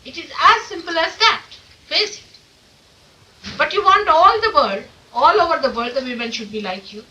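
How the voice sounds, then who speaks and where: A woman's voice: high-pitched, normal speed, sharp tone. A woman speaking as a spiritual teacher in an informal talk to followers. She is emphatic and asks many rhetorical questions. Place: meeting room of an ashram. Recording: distant mic with faint hiss, old 1979 tape.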